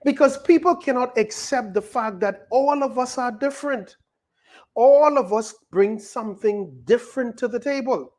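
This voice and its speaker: A man's voice: extremely high pitch, moderate pace, a little mellow. A man with a Bahamian accent, a pastor preaching a sermon in an emphatic way, full of rhetorical questions.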